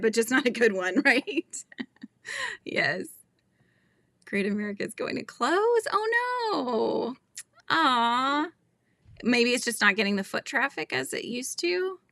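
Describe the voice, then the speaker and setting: A woman's voice: a little high, bright, forceful tone, no echo. A middle-aged woman hosting a casual livestream chat, laughing often and reading out viewers' comments. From Northern California. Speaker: host.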